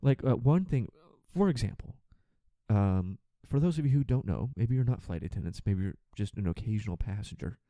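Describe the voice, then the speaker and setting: A man rants on a podcast about his flight attendant work, exasperated, sarcastic and swearing freely. His voice is mellow and dark, and it swings widely in pitch as he gets worked up. The recording is close and dry. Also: lively intonation, dry recording, highs cut off. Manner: acts out passengers in quick put-on voices. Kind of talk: ranting monologue.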